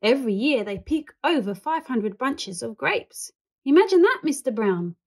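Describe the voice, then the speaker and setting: A woman voicing a kindly, courteous older male shopkeeper in a children's storybook reading, speaking gently and a little fretfully. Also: high-pitched, big pitch swings, normal speed, pitched above the performer's own voice, full character voice.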